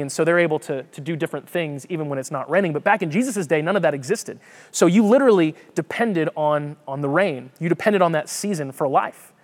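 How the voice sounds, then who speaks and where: A man preaching a conversational sermon, reading scripture and explaining it with frequent restarts. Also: a little high. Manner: lively, conversational, repeats words while thinking. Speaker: pastor.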